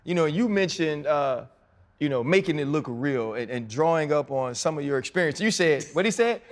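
A man's voice: a little high, lively intonation, normal speed, in a large hall. Teasing man asking rambling questions. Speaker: podcast co-host. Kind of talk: casual podcast chat.

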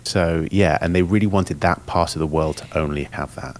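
A man's voice: deep voice, steady tone, normal speed. A man, a guest on a casual podcast, chatting with enthusiasm and many fillers. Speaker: guest voice actor.

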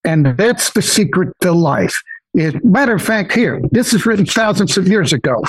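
An older man guesting on an interview podcast talks earnestly in a casual conversation, sounding wise and fond of quoting sayings. His husky voice sits high, expressive and at normal speed, in a dry, rough recording.

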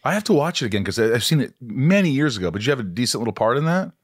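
A man hosting a podcast in a studio, chatting casually and excitably, quick to joke and exclaim. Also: mid-range voice, breathy edge, no echo. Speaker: podcast host. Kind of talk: casual chat. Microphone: studio microphone.

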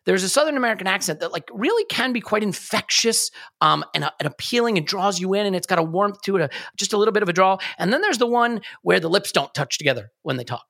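Man, podcast host, bright clear tone, emphatic, repeats phrases for effect. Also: high-pitched, lively intonation, fast, few pauses. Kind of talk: casual sports podcast chat.

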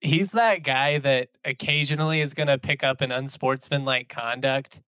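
A man's voice: mid-range voice, steady tone, normal speed, fairly bright tone, clear, resonant tone, no echo. A man hosting a casual sports podcast, conversational, asking questions and reacting. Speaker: podcast host.

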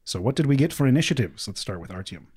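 Man, game master, casual narration, tabletop game, mid pitch. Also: sing-song, fast talker, a little mellow, breathy edge.

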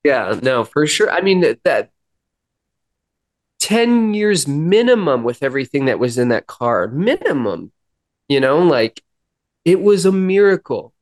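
A man guest on a podcast, earnestly telling a personal story and acting out dialogue, with halting restarts. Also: medium pitch, sing-song, no room sound. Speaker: podcast guest, musician in recovery. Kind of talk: personal storytelling in a sit-down interview.

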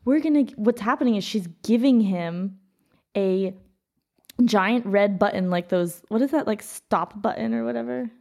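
Mellow-voiced American woman, animated. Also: medium pitch, vocal fry. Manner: animated, many "like" fillers, quick asides. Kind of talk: casual conversation.

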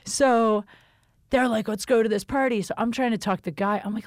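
A woman's voice: mid-range voice, moderate pace, a little mellow, no room sound, clean studio sound. A young adult woman hosting a podcast, telling a story in casual chat, candid and profane, with lots of fillers. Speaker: podcast host.

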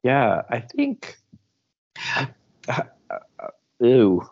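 A man's voice: mid-range voice, wildly swooping pitch, very slow, creaky, a little mellow, slightly rough, lo-fi sound. A man chatting casually as a podcast co-host, with laid-back, drawling reactions. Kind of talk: casual chat.

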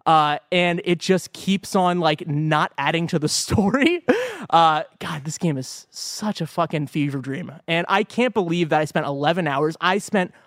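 A young man co-hosting a casual games talk show, animated and laughing, swearing often as he reviews a game. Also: fairly high pitch, unhurried, no room sound, clean studio sound. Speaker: podcast co-host reviewing a game. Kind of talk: casual chat.

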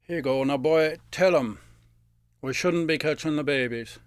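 A man voicing a gruff, friendly older Newfoundland fisherman who talks bluntly and keeps calling people boy. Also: fairly high pitch, moderate pace, no room sound, studio quality, natural voice. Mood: earnest. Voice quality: blunt, folksy, calls everyone boy. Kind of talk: live storytelling performance.

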